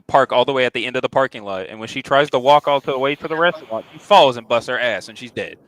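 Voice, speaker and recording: A man's voice: mid-range voice, fairly bright tone, no room sound. A man on a casual panel call, telling exaggerated hypothetical stories to tease the host. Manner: rapid, teasing, exaggerated storytelling with laughs. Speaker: panel guest.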